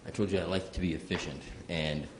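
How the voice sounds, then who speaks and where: A man performing a stand-up comedy set on stage, telling stories with lively asides to the audience. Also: low voice, fast, a little hiss or hum. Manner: animated storytelling, audience asides. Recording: roomy live venue sound.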